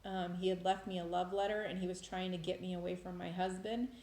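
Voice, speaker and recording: A woman's voice: fairly low pitch, little pitch movement, fairly quick, a little mellow. A woman telling a personal faith story in a casual, emotional, rambling way, with many restarts. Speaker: vlogger sharing faith experiences. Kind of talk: casual testimony monologue. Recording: roomy echo.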